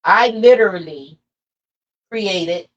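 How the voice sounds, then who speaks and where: A woman showing off her own hair and beard care line in a casual, enthusiastic demo, with folksy talk and drawn-out oohs. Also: medium pitch, lo-fi sound. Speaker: product seller demonstrating her own line.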